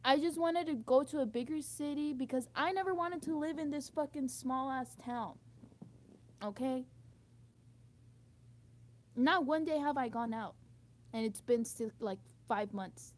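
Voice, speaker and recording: A woman's voice: high voice, unhurried, long pauses. A young woman venting in a candid monologue, emotional and frustrated, swearing often and saying "like" a lot. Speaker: vlogger.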